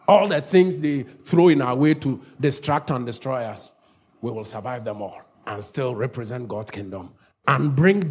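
A man preaching a sermon with passion, at times shouting and at times chanting prayers in repeated lines. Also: mid-range voice, gravelly, husky. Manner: impassioned preaching, rising to shouts, then repetitive prayer chanting. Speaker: pastor.

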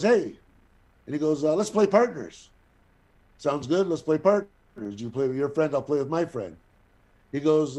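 A middle-aged man telling a long anecdote in casual talk, swearing freely and acting out the other people's lines. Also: on the high side. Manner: profane, animated, acts out quoted voices. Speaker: guest storyteller.

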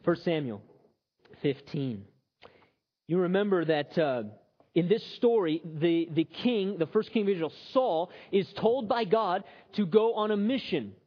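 A man preaching a sermon in a conversational, animated way, slipping into characters to tell stories. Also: sits high, unhurried. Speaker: pastor. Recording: slightly muffled recording.

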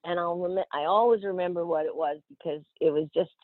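A woman from Australia, an actress, telling stories in an animated interview and often laughing. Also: lowish voice, brisk, no echo. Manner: animated, laughing, quotes other voices. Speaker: actress guest. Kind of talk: casual interview storytelling. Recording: tinny phone-like line, dry.

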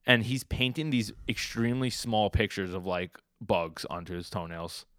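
A man co-hosting a podcast, casually recapping a comic chapter with fillers and lively retellings. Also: lowish voice, normal speed, dry recording, clean studio sound. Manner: animated storytelling with fillers and acted quotes. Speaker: podcast co-host.

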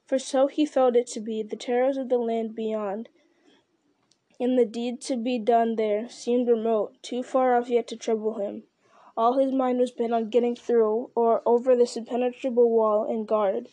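A woman reads a long story aloud in a mellow, even voice that stays fairly flat. Her pitch sits a little high, and she now and then backs up to restart a phrase. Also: moderate pace. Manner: steady, with occasional restarts. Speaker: reader. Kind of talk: storybook reading.

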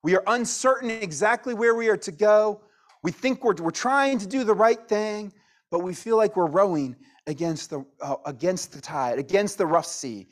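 A pastor giving a sermon in a conversational way, dropping to a hush on key lines. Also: male voice, high voice.

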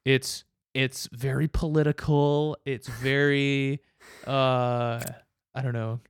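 A man chatting casually, rambling with halting restarts and laughing as he goes. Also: medium pitch, level tone, clean tone, no echo. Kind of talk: casual chat.

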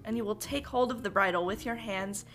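A woman voicing a dying old hermit who speaks gravely to the boy he raised. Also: mid-range voice, fairly quick, fairly bright tone, faint music behind, lightly acted. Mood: solemn. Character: dying old male hermit, solemn and frail.

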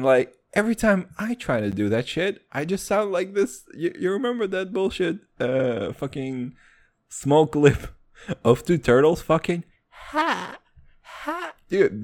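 Rambling profane young man hosting a podcast. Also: darkish tone. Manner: rambling, profane, jokey, wildly swinging pitch. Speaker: podcast host. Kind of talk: casual chat.

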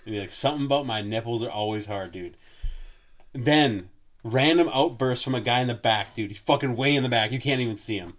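Profane, rambling man telling a story. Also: medium pitch. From Wisconsin. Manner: profane, rambling, lots of filler words. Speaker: podcast host. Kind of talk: casual storytelling chat.

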